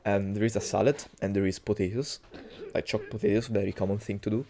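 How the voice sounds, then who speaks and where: A man's voice: lowish voice, fairly even intonation, fast, dark tone, a little hiss or hum. Rambling young man. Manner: rambling, profane, many restarts and fillers. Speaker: cooking vlogger. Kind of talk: casual storytelling monologue.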